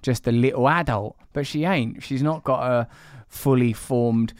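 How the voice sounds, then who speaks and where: A man's voice: medium pitch, unhurried, no echo, clean studio sound. A man, hosting a casual, reflective conversation. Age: 40s. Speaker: host.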